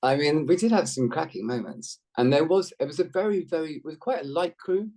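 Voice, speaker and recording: A middle-aged actor chatting on a video call, a rambling, self-deprecating storyteller with a lively delivery. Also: male voice, on the high side, brisk. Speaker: actor guest. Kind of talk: casual interview chat.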